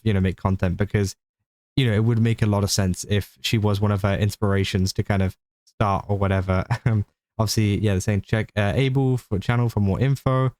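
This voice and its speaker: A man's voice: fairly low pitch, a little mellow, dry recording, studio quality. A young British man casually commenting on clips, rambling with lots of fillers and restarts.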